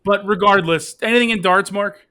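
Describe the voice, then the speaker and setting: A man's voice: sits high, moderate pace, sharp tone, clear, resonant tone. A man hosting a casual sports betting podcast, moving the talk along and reading out betting odds. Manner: leads the segments, reads out betting lines. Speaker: podcast host.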